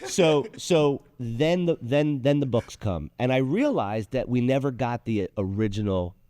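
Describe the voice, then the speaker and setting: Man host ranting hard, dark tone, dry close sound. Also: mid-range voice, expressive, measured pace, dry recording. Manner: heated, profane storytelling. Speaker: show host. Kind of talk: casual comedic talk show rant.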